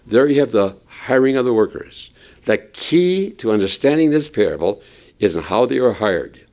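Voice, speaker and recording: A man preaching a sermon, retelling a Bible parable in an animated storytelling manner. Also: mid-range voice, moderate pace. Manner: animated storytelling, acts out quotes.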